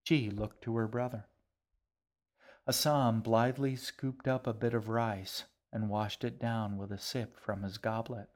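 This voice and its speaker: Slow, low-voiced male storyteller. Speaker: audiobook narrator. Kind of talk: scripted narration.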